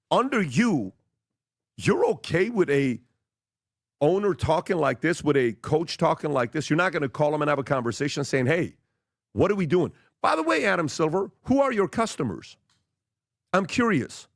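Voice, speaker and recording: A man's voice: on the high side, dry recording, clean studio sound. A man hosting his own podcast, giving heated commentary that challenges his targets with rhetorical questions. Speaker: podcast host.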